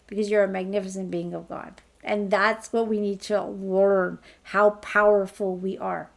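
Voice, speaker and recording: Woman, healer type, gentle and reassuring, slight vocal fry, mid pitch. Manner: gentle, reassuring, slow guiding delivery. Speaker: spiritual healer leading a group healing call. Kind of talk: guided healing talk.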